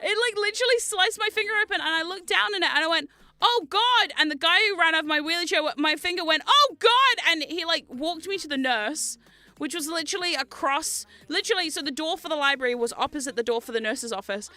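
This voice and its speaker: A woman's voice: extremely high pitch, fast, pushed and bright. A woman in her thirties hosting a casual livestream chat, telling stories in a chatty, giggly way and reading chat aloud. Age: 30s. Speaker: livestream host.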